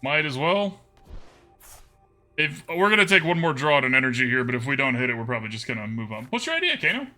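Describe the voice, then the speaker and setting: A man's voice: medium pitch, quick pace, pushed and bright, soft background music. A man streaming a card game live, chatting casually with his viewers and laughing often. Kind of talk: live gameplay commentary.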